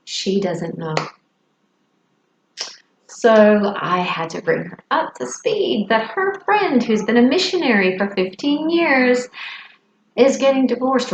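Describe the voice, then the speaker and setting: A woman shares a personal story straight to the camera, reflective and a little halting, with soft laughs between thoughts. Her voice sits in a middle range. The room is echoey with a faint hiss behind her. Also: mid-range voice. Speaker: vlogger. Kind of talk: personal confessional vlog.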